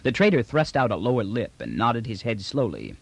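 A man narrating an audiobook in measured storytelling fashion. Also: mid-range voice, huge pitch swings, vocal fry, slightly rough, no echo. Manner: measured storytelling voicing each character.

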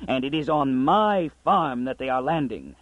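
A man voicing a gruff, scheming old male farmer who blusters and puffs himself up. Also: mid-range voice, expressive, normal speed, no echo, highs cut off, natural voice. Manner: blustering, pompous.

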